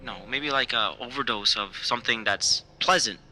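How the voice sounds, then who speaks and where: A man's voice: mid-range voice, moderate pace, sharp tone, a little hiss or hum, low-quality recording. An actor playing a desperate, rambling male comedian who calls into a podcast, stammering as he talks. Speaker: caller. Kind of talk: comedic audio drama acting.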